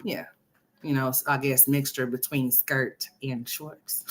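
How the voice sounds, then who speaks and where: A woman's voice: rumbling low, lively intonation, a little slow. A woman from Oklahoma hosting a commentary stream, ranting brashly with a lot of profanity. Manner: brash, profane, loud sassy rants. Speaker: commentary host. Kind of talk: livestream commentary on a reality video.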